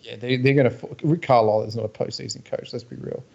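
A man's voice: medium pitch, fairly even intonation, quick pace, gravelly, a little mellow, highs cut off. An Australian man co-hosting a podcast, talking casually and bluntly about basketball, with dry opinions and many fillers. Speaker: podcast co-host. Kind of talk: casual sports chat.

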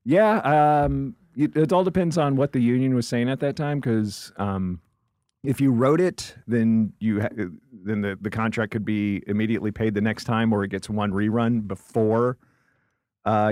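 A man's voice: lowish voice, a little mellow, no echo. A man hosting a podcast in a studio, chatting and joking in a rambling way with lots of fillers. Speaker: podcast host. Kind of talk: casual chat. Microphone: studio mic with headphones.

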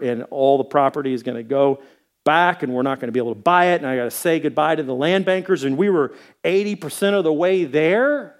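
A man preaching as a pastor, telling a story in a sermon and acting out the dialogue with lively voices. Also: on the high side.

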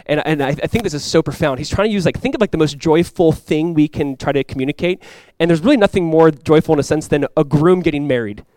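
A young man preaching a sermon as a pastor. He talks in a casual, conversational way with lots of "like," and swings from quiet, earnest lows to loud, excited highs. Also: fast, hardly any pauses, dry recording. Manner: casual and conversational, with many "like" fillers.

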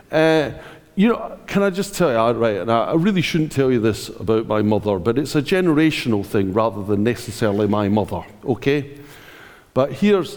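Animated male preacher in a reverberant hall. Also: on the high side. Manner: animated, emphatic and conversational, with rhetorical questions. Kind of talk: sermon.

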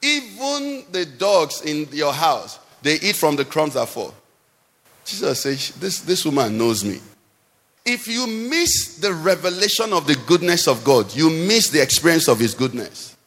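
A man preaches with a high, lively voice that rises and falls in a sing-song way. He swings between loud and soft. His words ring out with a long reverb from a church hall. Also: a little slow. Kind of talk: sermon.

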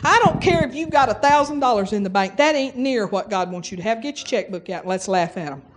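A woman's voice: a little high, expressive, fast talker. A middle-aged woman preaching a folksy sermon, exhorting the congregation and breaking into bursts of forced laughter.

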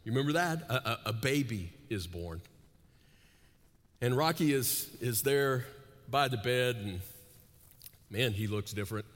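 A pastor preaching a sermon in a large church auditorium. He talks with high energy, swings between soaring intensity and hushed asides, and keeps tagging lines with "right?". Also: expressive, unhurried, pauses often. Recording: echoey hall.

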